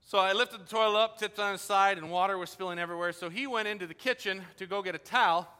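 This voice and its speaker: A man preaching a sermon in a casual, animated way, telling stories and acting out quoted dialogue. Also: sits high, quick pace, clear, resonant tone. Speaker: pastor. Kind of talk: sermon with storytelling. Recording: long hall reverb.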